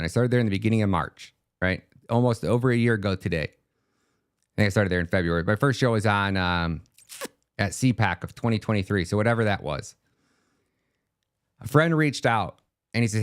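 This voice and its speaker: A man's voice: lowish voice, fairly quick, clean tone. A man hosting a podcast in a loose, chatty monologue, full of fillers, who acts out quoted back-and-forth dialogue. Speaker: podcast host. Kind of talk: casual monologue.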